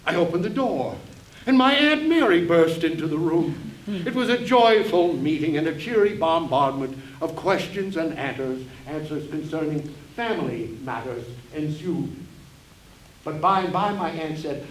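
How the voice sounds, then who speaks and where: A man's voice: fairly high pitch, animated, measured pace. A man on stage telling a story in a wry, dramatic way as the narrator of a one-man play, recorded from afar in a roomy hall. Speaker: actor narrating as the author. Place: theater stage before an audience. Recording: roomy hall, distant mic, faint hiss.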